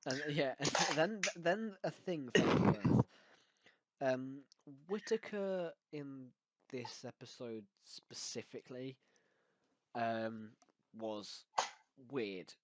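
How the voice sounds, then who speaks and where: A man's voice: mid-range voice, slow, no room sound. Male host, casual and hesitant chat, lots of ums, dry close mic. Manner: hesitant, frequent ums, laughs often.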